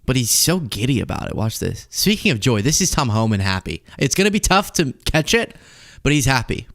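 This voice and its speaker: A man's voice: medium pitch, big pitch swings, a little fast, fairly bright tone. A man hosting a political commentary show, talking casually and sarcastically and laughing often.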